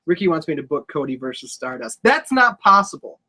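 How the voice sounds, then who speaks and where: A man co-hosting a casual wrestling podcast, loud and joking with a lot of profanity. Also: on the high side, big pitch swings, fairly quick, noisy background. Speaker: podcast co-host.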